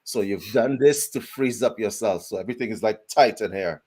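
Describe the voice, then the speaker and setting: A man co-hosting a live therapy talk show, coaching viewers directly in an emphatic, energetic way. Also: fairly low pitch, a little fast.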